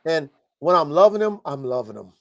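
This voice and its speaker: A man's voice: on the high side, very animated, a little fast. A man hosting a live podcast, coaching dog breeders in a blunt, profane, fired-up way. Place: home studio, live stream.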